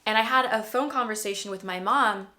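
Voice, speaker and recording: Bright-voiced woman in her thirties, earnest. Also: medium pitch, a little fast. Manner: earnest and emotional, rambling with restarts. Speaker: vlogger sharing a faith testimony. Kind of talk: casual spoken testimony. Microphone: self-filmed camera.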